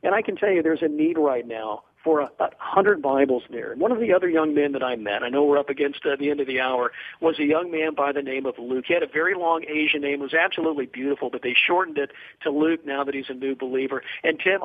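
A man's voice: fairly high pitch, brisk. A man, a ministry guest on a radio talk show, telling an earnest story with many fillers over a phone line.

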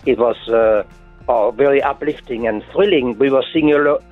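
A man in his seventies from France with a French accent, calling in to a radio show, joking and halting with many fillers. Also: mid-range voice, faint music behind. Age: 70s. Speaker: caller. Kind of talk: casual phone chat. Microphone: phone. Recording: tinny phone line.

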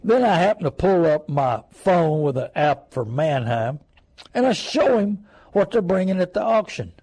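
A man's voice: high-pitched, big pitch swings, normal speed, darkish tone, rough recording. An older man, hosting a call-in radio talk show in a folksy, rambling, storytelling manner.

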